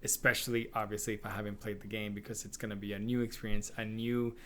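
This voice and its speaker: A man co-hosting a casual video game podcast, gushing and animated, often laughing. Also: on the low side, quick pace. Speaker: podcast co-host. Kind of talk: casual game review chat.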